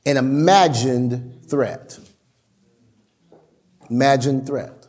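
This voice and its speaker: A man preaches in a church, his voice pitched high. He delivers an animated sermon, stammering through restarts and acting out quotes. Long reverb hangs in the sanctuary. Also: measured pace. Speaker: pastor.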